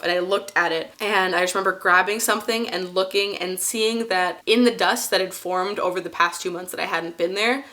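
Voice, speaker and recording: A woman's voice: lowish voice, pushed and bright. A young woman in her twenties, casually telling a personal story to camera, rambling with many fillers and restarts.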